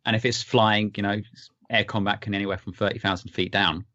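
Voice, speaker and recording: A man's voice: lowish voice, fairly even intonation, a little fast, pushed and bright, no echo, lo-fi sound. A man co-hosting a podcast, casually explaining aviation details in conversation. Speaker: podcast co-host.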